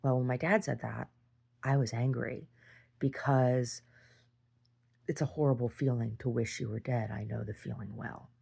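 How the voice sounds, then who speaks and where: A woman recording a personal video diary, telling a story in a rambling way and rising in pitch as she relives a fight. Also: fairly even intonation, normal speed, creaky, long pauses, mellow, breathy edge. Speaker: video diarist.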